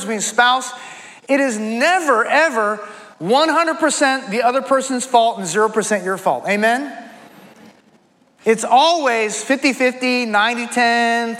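A man preaching a sermon as pastor, telling a personal story earnestly and leading a soft prayer. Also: very high voice, big-room sound.

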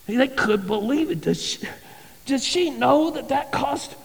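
A male pastor preaching a sermon with animated, dramatic storytelling in a church sanctuary. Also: extremely high pitch, measured pace, creaky, husky, big-room sound, poor audio.

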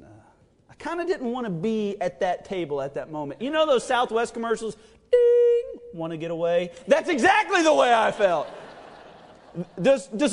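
High-voiced preacher in a reverberant hall. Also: male voice. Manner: chatty and joking, many fillers. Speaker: pastor. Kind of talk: sermon with personal storytelling. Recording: long reverb of a church hall.

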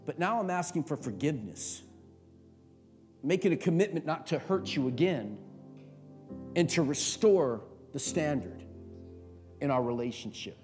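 A middle-aged male pastor preaching a sermon, swinging from quiet talk to shouted, impassioned passages. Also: fairly high pitch, lively intonation, a little slow, long pauses, soft background music.

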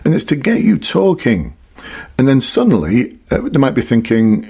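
A man's voice: medium pitch, lively intonation, moderate pace, dark tone, slightly rough. A middle-aged man giving emphatic, repetitive advice as an interview coach. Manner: emphatic, repeats key points. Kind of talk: instructional talk to camera.

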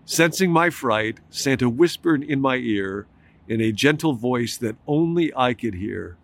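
A pastor preaches at a steady, middle pitch, moving through stories and scripture in a reflective way. He slows down and leans on key words when he makes his main points. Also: gravelly. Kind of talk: sermon.

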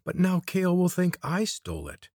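Man voicing an impulsive young hero, pleading, urgent, pitched up, storybook reading. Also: wildly swooping pitch, normal speed, darkish tone, dry recording, studio quality, heavily acted. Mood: anxious, pleading.

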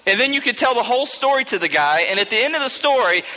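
Man, youth teacher, high voice, joking and chatty, long hall reverb. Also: expressive, fast talker, sharp tone. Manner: joking, chatty, often checks in with 'okay?'. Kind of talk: informal talk to a youth group.

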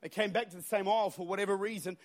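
A man preaching a sermon in a church with an Australian accent, energetic and humorous, rising to shouts at high points. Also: rapid-fire. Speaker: pastor. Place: church auditorium.

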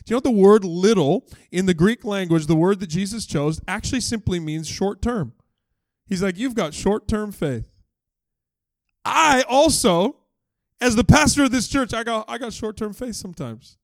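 Here the pastor talks at a normal pace in a high voice, with no echo around him. His sermon is chatty and playful, and he animatedly impersonates the people in his anecdotes.

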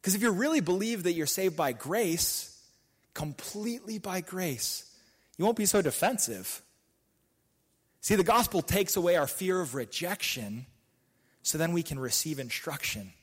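A young male preacher delivering a sermon with an animated, swooping delivery and a somewhat high voice. He talks casually and with energy, driving his points home through repeated rhetorical questions. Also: measured pace, breathy edge.

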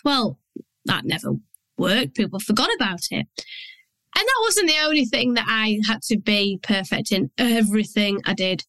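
A woman's voice: fairly high pitch, fairly bright tone, dry recording, rough recording. A woman with a Yorkshire accent, a business coach hosting her own podcast in a blunt, down-to-earth, chatty manner. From Yorkshire, England. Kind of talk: solo podcast monologue.

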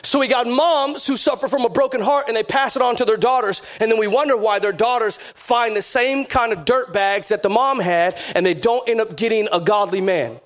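A pastor preaching a sermon with emphatic, repetitive phrasing. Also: male voice, very high voice, a little fast, hardly any pauses.

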